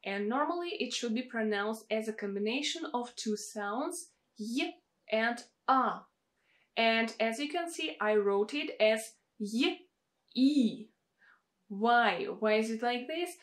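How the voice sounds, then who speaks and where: Slow careful Russian-accented woman teacher. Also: on the high side. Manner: slow, careful, repeats words for practice. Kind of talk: pronunciation lesson.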